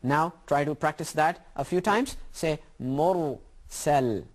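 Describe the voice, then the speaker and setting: Brief: male recitation teacher with a slightly high voice, drilling pronunciation with slow, deliberate repeated examples. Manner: deliberate, repeats words slowly to contrast correct and wrong pronunciation. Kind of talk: tajweed lesson with spoken examples.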